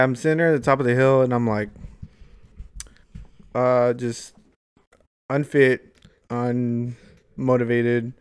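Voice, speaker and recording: A man's voice: mid-range voice, clean tone. A young adult man telling a long story in casual chat, rambling and swearing freely, saying "like" and "dude" often. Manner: profane, rambling, heavy use of "like" and "dude".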